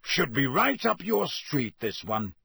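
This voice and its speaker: A man voicing a gruff, grizzled old male wizard in an audiobook, slow and growling with a husky voice. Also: medium pitch, big pitch swings, pushed and bright, no room sound, full character voice. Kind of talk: audiobook character voice.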